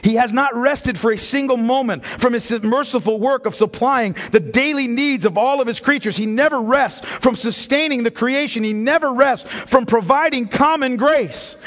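Male pastor, high and lively voice, animated sermon delivery, long reverb of a church hall. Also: moderate pace, hardly any pauses. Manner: animated storytelling preacher, shifts from jokes to solemn emphasis.

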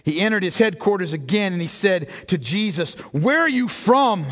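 High-voiced man preaching with ringing reverb. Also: expressive, moderate pace. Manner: preaching with dramatic swings from hushed to shouted. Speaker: pastor. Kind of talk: sermon. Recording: hall reverb.

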